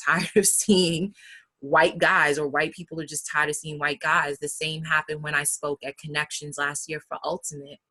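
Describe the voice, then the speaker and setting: A woman's voice: low-pitched, sharp tone. A woman with a New York accent speaking frankly and emphatically in a casual talk about public speaking. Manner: candid and emphatic.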